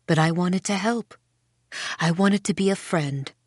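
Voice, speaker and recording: A sugary, placating shopkeeper played by a woman reading aloud, always beaming and eager to please. She talks softly in a lowish voice, recorded close and dry. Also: unhurried, breathy edge, dry recording. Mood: apologetic. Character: fawning, smiling middle-aged female shopkeeper.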